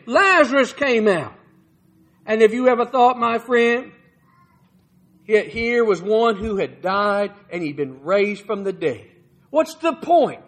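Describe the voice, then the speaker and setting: A man's voice: very high-pitched, a bit bright, low-quality recording. A man preaching a sermon, calling his listeners "my friend" and acting out scripture quotes.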